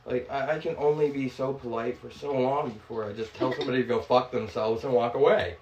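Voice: mid-range voice, fairly even intonation, brisk, hardly any pauses, darkish tone, muffled recording. A podcast guest talking bluntly and swearing freely in a casual chat. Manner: blunt, profane ranting. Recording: roomy, distant from the mic, faint background noise.

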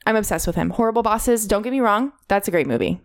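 A young woman co-hosting a casual chat, animated, swearing freely and talking over her guest. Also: mid-range voice, fast talker, no echo, studio quality.

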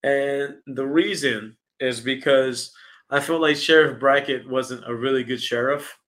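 A man's voice: medium pitch, unhurried, fairly bright tone. A man co-hosting a casual podcast, laid-back and full of fillers as he lists his picks. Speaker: podcast co-host. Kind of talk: casual chat.

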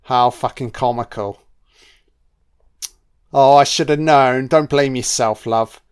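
Male commentator, mid pitch, swears a lot, joking and casual. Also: steady tone, slow, clean tone. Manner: profane, jokey, heavy swearing. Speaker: film commentator.

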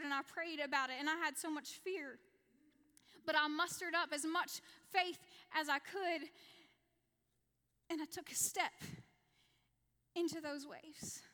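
A woman's voice: high-pitched, steady tone, measured pace, long pauses, sharp tone. A woman in her thirties giving an earnest personal testimony to a women's church gathering, repeating key lines for emphasis. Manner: earnest, repetitive, acts out her own prayers. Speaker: women's ministry leader and speaker. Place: church hall, women's evening. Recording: reverberant church hall.

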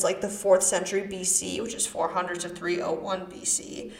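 A young woman with a Midwestern American accent talks in a chatty, offhand way, full of "like" fillers and quick asides. Her voice sits at a middle pitch for a woman, and the recording has a noticeably roomy echo. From Wisconsin. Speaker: podcast host. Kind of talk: casual true-crime podcast talk.

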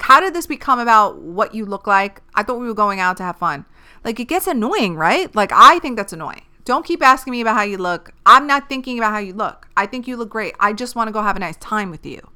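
A woman in her thirties talks through dating advice on her podcast, blunt and quick to swear. Her voice is bright and smooth, and she sounds fired up and opinionated as she rants. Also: on the high side. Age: 30s. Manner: blunt, profane and animated, giving dating advice. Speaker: podcast host. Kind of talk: casual podcast monologue.

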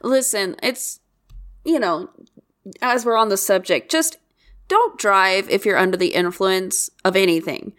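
A woman's voice: mid-range voice, a little slow, fairly bright tone. A woman co-hosting a podcast who speaks earnestly, gives advice and steers the conversation. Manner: earnest, advice-giving, moves the talk along. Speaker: podcast co-host. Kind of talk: casual chat.

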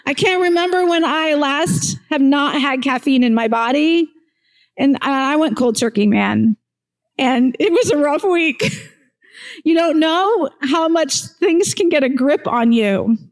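A woman's voice: high voice, animated, unhurried, poor audio. A woman pastor, preaching a conversational sermon with frequent laughter. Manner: warm, laughing often, conversational.

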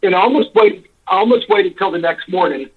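A man's voice: high voice, a little fast, breathy edge. A man calling in by phone, telling a long, rambling complaint story, exasperated and swearing freely. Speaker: caller. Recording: tinny phone line.

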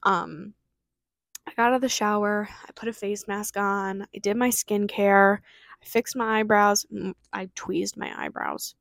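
Young woman, solo podcast host; fast, filler-heavy casual chat; dry close mic, mid pitch. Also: fairly even intonation, gravelly, a bit bright, no room sound. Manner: fast, chatty, lots of fillers.

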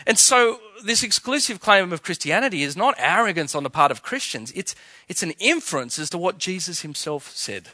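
A man's voice: sits high, sing-song, brisk, bright, forceful tone, no echo. A man preaching a sermon, emphatic and full of rhetorical questions. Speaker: pastor.

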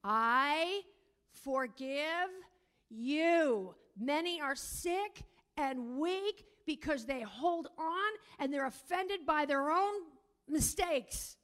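Bright, slow-preaching high-voiced woman. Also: expressive. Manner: emphatic preaching, rising to near-shouting; drawn-out, slow emphasis on key words. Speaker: prayer teacher. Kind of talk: sermon.

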